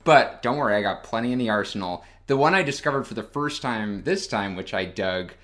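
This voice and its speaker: A man co-hosting a casual podcast chat, laughing often and talking in an animated way. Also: on the low side, a little fast. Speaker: podcast co-host.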